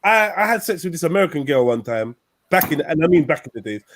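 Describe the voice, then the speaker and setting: Boisterous lively-voiced young man hosting. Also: fast talker, slight background noise. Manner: joking, boisterous storytelling with animated pitch swings. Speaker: show host. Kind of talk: crude casual banter.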